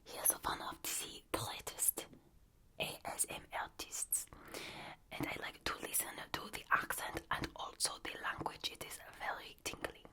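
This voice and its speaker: Woman putting on a german accent, whispered asmr, clipped and kinda formal, all breathy. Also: moderate pace, natural voice. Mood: calm. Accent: German, put on.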